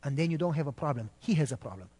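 A man voicing his father as a calm, wise older man giving quiet advice within a sermon story. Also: on the high side, racing, breathy edge, long reverb tail, voice pushed down. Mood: gentle.

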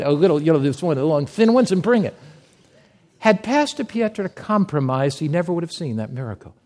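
A male preacher giving a sermon, telling a story and reading scripture with emphatic delivery. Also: high voice.

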